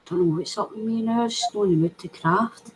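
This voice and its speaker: Husky woman chatting on a call. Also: mid-range voice, brisk, poor audio. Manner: relaxed, chatty, laughs at her own remarks. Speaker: friend on the call. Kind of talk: casual chat on a video call. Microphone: video call.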